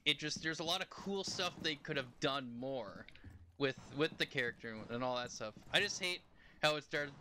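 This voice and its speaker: A man's voice: fairly high pitch, expressive, moderate pace, sharp tone, slight background noise. A young man streaming a game, chatting casually in a rambling way and laughing often. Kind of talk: casual live-stream chat while playing.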